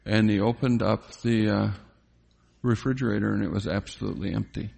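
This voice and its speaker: Older guy telling a church testimony, deep-ish gravelly husky voice, lots of ums. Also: fairly even intonation, a little mellow. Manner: reflective storytelling, halting with fillers. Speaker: testimony speaker. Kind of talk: personal faith testimony.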